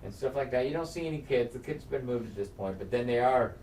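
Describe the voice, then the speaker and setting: A man in relaxed podcast chat, retelling a TV episode with swearing and sound effects. He is recorded from a distance in an echoey room with a faint hiss behind him. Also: medium pitch, quick pace. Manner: excited, swearing, acts out scenes with sound effects. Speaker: podcast co-host. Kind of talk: casual chat recapping a TV episode.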